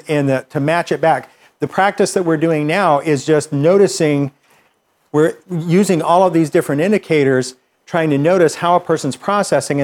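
A man's voice: a little high, darkish tone. A man teaching a class, explaining ideas with examples and often restarting his sentences. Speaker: instructor.

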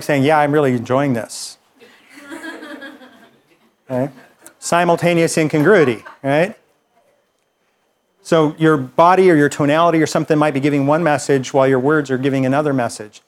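A man teaching a workshop group, explaining in a relaxed, conversational way with fillers and restarts. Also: a little high, a little fast, long pauses. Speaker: workshop instructor.

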